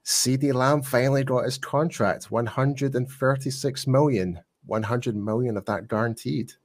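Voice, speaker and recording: A man's voice: mid-range voice, steady tone, moderate pace. A man with a Glaswegian accent, a podcast guest chatting casually with many fillers and restarts. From Scotland. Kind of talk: casual chat.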